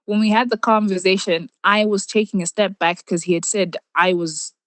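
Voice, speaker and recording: A young woman guest telling a personal story in conversation, animated, with frequent laughs and restarted sentences. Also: medium pitch, moderate pace, dry recording. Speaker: podcast guest.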